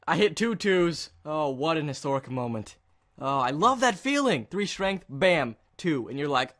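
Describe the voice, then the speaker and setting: A man giving casual gameplay commentary, excitable and jokey, with mock-dramatic outbursts. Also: on the high side, moderate pace. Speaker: gaming video creator.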